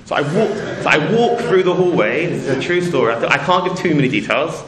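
A man's voice: a little high, expressive, fast talker, crowd noise. A middle-aged man from England telling a casual anecdote with a moral, rambling and cutting himself off, acting out the voices he quotes. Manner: rambling, self-interrupting, acts out quoted voices. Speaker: storyteller speaking to a community audience. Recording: roomy echo.

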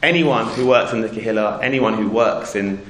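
A man's voice: on the low side, normal speed, a bit bright. A middle-aged man from England telling a casual anecdote with a moral, rambling and cutting himself off, acting out the voices he quotes. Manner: rambling, self-interrupting, acts out quoted voices. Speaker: storyteller speaking to a community audience. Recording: roomy echo.

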